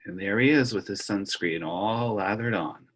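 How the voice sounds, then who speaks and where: A middle-aged man teaching elementary music over a video call, reading a picture book aloud and explaining rhythms slowly and patiently to children. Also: on the low side, breathy edge. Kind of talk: online music lesson with read-aloud. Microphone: computer mic on a video call.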